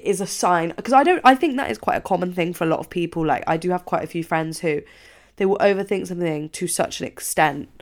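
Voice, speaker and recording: A young woman chatting casually and at length, filling her talk with "like" and acting out her own past words. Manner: rambling, heavy use of "like", acts out quotes in a higher voice. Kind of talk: casual confessional chat.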